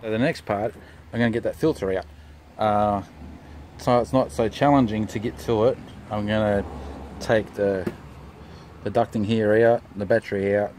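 A man with a fairly low voice talks through a car repair step by step, relaxed and unhurried, with many "uh" fillers. His voice drops quieter when his hands are busy. A faint hiss of noise sits under the voice. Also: rough recording. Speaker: DIY car mechanic. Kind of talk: casual how-to commentary.

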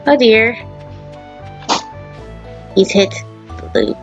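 A woman's voice: fairly high pitch, takes it slowly, long pauses. A woman giving playful, teasing commentary over a farming game and reading the characters' lines. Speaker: gamer, let's player. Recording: slightly dull lo-fi audio. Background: faint game music.

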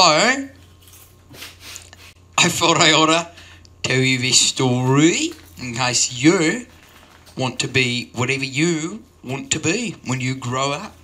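Very bright-voiced rambling male comedian. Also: mid-range voice. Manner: rambling, deadpan, with many digressions. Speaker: open-mic comedian. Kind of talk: absurdist stand-up storytelling.

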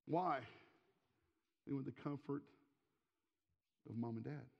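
A pastor in his forties preaching a sermon in a church sanctuary, emphatic and given to repeating words, often dropping to a quiet, intimate tone. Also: medium pitch, slow pace, gravelly. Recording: long hall reverb, dull lo-fi sound.

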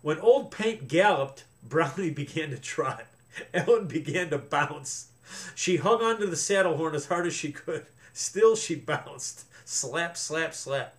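A man's voice: a little high, animated, measured pace. A man reading a children's book aloud, stopping to explain things to young listeners.

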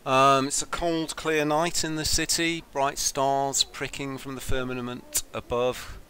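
A man narrating a tabletop game as game master, in slow atmospheric description. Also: mid-range voice, flat delivery, bright, forceful tone, a little hiss or hum.

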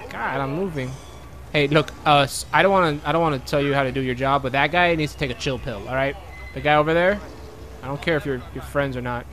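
A young let's-player gives goofy comedic commentary over a video game, joking, laughing often, and talking back to the characters. His voice is medium in pitch, fairly bright, and quick.

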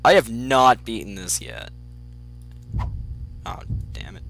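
A young man commentating his own gameplay, muttering to himself and then breaking into excited yelps. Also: medium pitch, takes it slowly, gravelly, long pauses, faint music behind. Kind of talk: let's play commentary.

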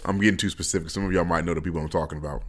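A man's voice: low-pitched, steady tone, racing. A man giving sarcastic, emphatic, slangy opinion commentary to the camera.

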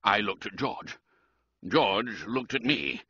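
A man's voice: lowish voice, animated, takes it slowly, pushed and bright, husky, no echo, highs cut off. A man narrating a comic story theatrically, voicing every character. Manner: theatrical, swooping, playing all characters. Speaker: audiobook narrator.

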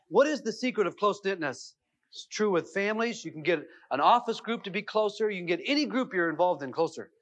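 A middle-aged man giving a self-help seminar talk, telling a comic family story with lots of fillers. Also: high voice. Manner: animated, comic anecdotes with many fillers. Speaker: seminar speaker. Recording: dull lo-fi 1990s videotape sound.

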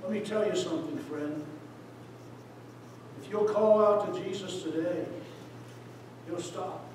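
A man, a missionary preacher, giving an impassioned sermon that swings between loud appeals and hushed words. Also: high voice, a little fast, a little hiss or hum. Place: church sanctuary. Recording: echoey hall, voice from far off.

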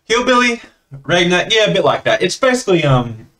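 A man's voice: a little high, very animated, fast talker, fairly bright tone. An Australian man chatting casually and laughing between remarks as he comments on a card game he is playing.

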